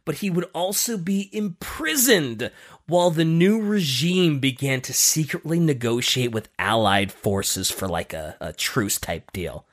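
A man's voice: fairly high pitch, lively intonation, a little slow. A man hosting a podcast, telling a story in casual chat with many fillers. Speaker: podcast host.

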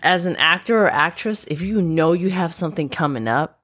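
A woman's voice: lowish voice, a little fast. A woman co-hosting a podcast in casual chat, agreeable and chiming in often. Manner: agreeable, lively, chimes in often. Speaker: podcast co-host.

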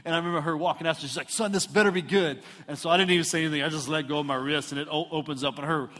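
A man's voice: on the high side, racing. A middle-aged man from Houston, Texas, telling funny, self-mocking stories as a preacher and acting out the voices. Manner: animated, self-mocking storyteller who acts out voices. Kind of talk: storytelling sermon. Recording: reverberant hall.

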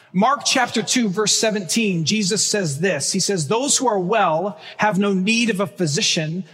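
A man preaching a sermon as pastor, earnest and emphatic, slowing down to stress key phrases. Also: high voice, fairly bright tone, slightly rough. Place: church sanctuary. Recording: long church reverb.

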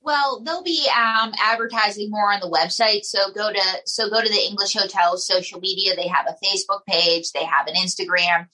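A woman's voice: medium pitch, moderate pace, hardly any pauses, sharp tone, rough recording. A woman, a guest ventriloquist and comedian, chatting and telling stories on a podcast, laughing often. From United States. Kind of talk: casual podcast chat.

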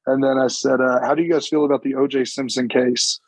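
A man's voice: mid-range voice, slightly rough, no room sound, poor audio. A young man, a stand-up comedian telling stories in casual chat and acting out what people said. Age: young adult. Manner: animated, acts out quotes with quick bursts.

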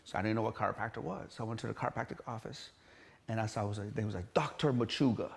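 A middle-aged Iranian man who runs a gym tells his story in an interview, his fairly low voice rapid-fire, level in tone, and marked by vocal fry. He is blunt and emphatic, swearing and acting out the voices he quotes.

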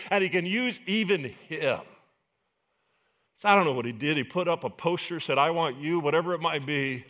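A man pastor preaching a sermon, telling a Bible story with animated acted-out dialogue and rhetorical questions to the congregation. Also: sits high. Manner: animated storytelling, acts out voices of biblical figures.

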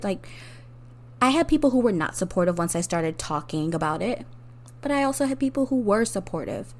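An earnest woman speaks straight to her listeners in a personal podcast monologue. Her voice is mid-pitched, and she talks with heartfelt warmth, laughing softly and pressing harder on the words that matter most. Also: lively intonation, normal speed. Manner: earnest, heartfelt, with soft laughs and rising emphasis. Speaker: podcast host.

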